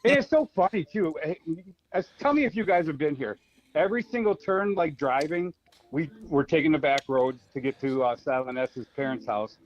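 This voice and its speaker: A man's voice: on the high side, animated, normal speed, lo-fi sound. Rambling male podcast co-host. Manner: rambling storyteller, many fillers and restarts. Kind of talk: casual podcast chat over remote call.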